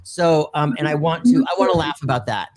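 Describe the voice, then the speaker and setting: Man, psychic host, higher pitch, gentle, affectionate, halting restarts. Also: over a noisy crowd. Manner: gentle, affectionate, calls the viewer darling and my dear; laughs often, halting restarts. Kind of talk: live online reading.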